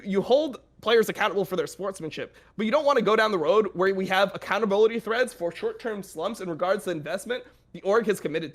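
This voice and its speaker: A man's voice: high-pitched, fairly bright tone. A young man hosting a podcast, talking casually with blunt, profane, exasperated rants. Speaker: podcast host.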